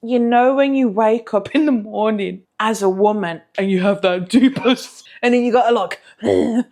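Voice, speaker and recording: A woman's voice: a little high, normal speed, a little mellow. A young woman hosting reaction commentary, joking, swearing and laughing often in a casual way. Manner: profane, jokey, laughing often. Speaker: commentary host.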